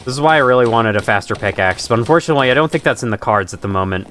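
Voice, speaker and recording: A man's voice: mid-range voice, expressive, rapid-fire, fairly bright tone. A young man chatting and laughing while playing a game live, talking to the creatures on screen. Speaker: streamer. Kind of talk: live gameplay commentary. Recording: faint music in background.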